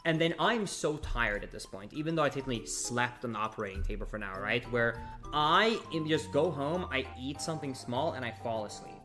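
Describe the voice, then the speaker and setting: A young man streaming, telling a long story to his chat in a casual, animated way, acting out the other people. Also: mid-range voice, brisk, music in the background. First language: not English. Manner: animated, quotes others in acted voices.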